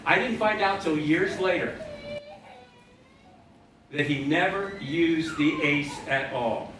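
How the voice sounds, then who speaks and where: High-voiced man telling punny stage stories. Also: slow. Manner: punning, wry storyteller who plays to the audience. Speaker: stage magician. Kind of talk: comic storytelling patter during a magic act. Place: live theater stage with an audience. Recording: echoey live theater, distant mic, audience noise.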